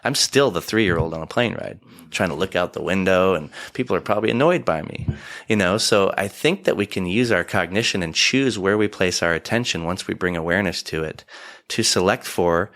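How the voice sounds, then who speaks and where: A man's voice: low-pitched, fairly quick. A man in his forties, a podcast guest, talking earnestly and reflectively, acting out little asides as he tells stories. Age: 40s. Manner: earnest, animated storytelling with acted-out asides. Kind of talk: reflective conversational talk. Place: studio, in person.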